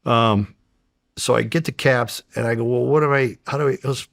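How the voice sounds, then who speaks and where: A man's voice: medium pitch, moderate pace, vocal fry, no echo, clean studio sound. A middle-aged American man, a former undercover agent, telling stories casually in an interview, swearing freely and acting out the dialogue. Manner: profane, animated storyteller acting out dialogue.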